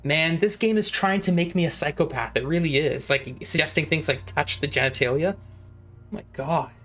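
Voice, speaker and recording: A man's voice: on the high side, fairly quick, a bit bright. A man giving casual let's play commentary, with amused, wry asides while reading the game aloud. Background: faint game music.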